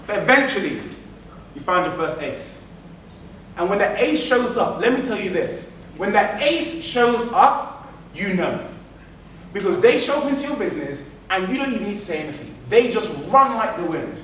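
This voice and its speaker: A man giving an animated motivational business keynote, repeating phrases for emphasis. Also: sits high, moderate pace. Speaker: keynote speaker. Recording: echoey hall, mic from far off, faint noise.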